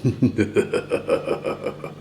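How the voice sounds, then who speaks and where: A man's voice: extremely slow, a little mellow, roomy sound, a little hiss or hum. A British man cooking at home and chatting casually to the camera, making self-deprecating jokes as he goes. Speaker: vlogger. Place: home kitchen.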